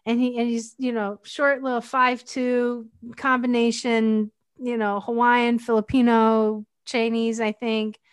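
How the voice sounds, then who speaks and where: A woman's voice: fairly high pitch, flat delivery, measured pace, few pauses, clean tone, no echo. A woman from Northwestern Pennsylvania hosting a casual interview, telling stories in a chatty way and laughing easily. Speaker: podcast host.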